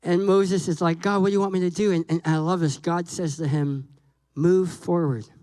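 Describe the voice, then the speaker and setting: With animated humor, a man preaching as a guest pastor performs dialogue with God and Moses. He talks a little fast in a high, clean-toned voice, though the recording is dry and the audio poor.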